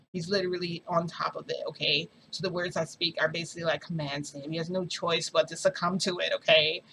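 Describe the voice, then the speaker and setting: A woman's voice: deep voice, creaky, a bit bright, slight background noise, poor audio. Rambling woman vlogger telling a story. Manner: rambling, dramatic, many fillers and asides. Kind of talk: casual storytelling about a shifting experience.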